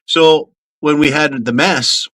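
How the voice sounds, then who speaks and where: Canadian guy telling goofy old cadet stories, bright sharp voice, swears a lot. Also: a little high, takes it slowly. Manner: animated storyteller, swears casually. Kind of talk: casual storytelling chat.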